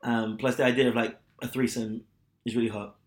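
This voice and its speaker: A man's voice: medium pitch, flat delivery, fairly quick. A young man chatting bluntly and mockingly on a podcast, retelling stories with animation. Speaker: podcast co-host. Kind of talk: casual chat. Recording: echoey room.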